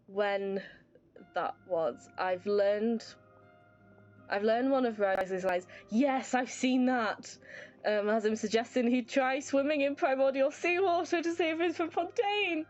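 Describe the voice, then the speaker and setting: A woman's voice: fairly high pitch, a little slow, highs cut off, soft background music. A woman streaming a video game live, reacting expressively to the story and chatting with her audience. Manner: expressive, reacting aloud, slips into baby talk with her pet. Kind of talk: live gameplay commentary.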